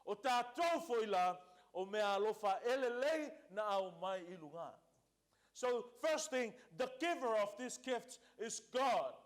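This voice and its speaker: A man preaching from the pulpit, his voice sitting high for a man. He hammers his points home with emphatic repetition and moves back and forth between two languages. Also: expressive, unhurried. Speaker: pastor. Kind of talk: sermon.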